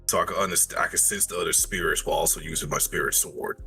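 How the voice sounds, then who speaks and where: A man voicing a brooding young male biker-gang leader with a low, solemn delivery. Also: fairly even intonation, fast, vocal fry, sharp tone, faint music behind, full character voice.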